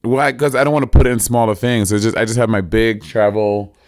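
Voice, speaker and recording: A man co-hosting a casual chat, sassy and quick to laugh, tossing playful insults back at his co-host. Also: fairly low pitch, steady tone, darkish tone, no echo, clean studio sound. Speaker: podcast co-host.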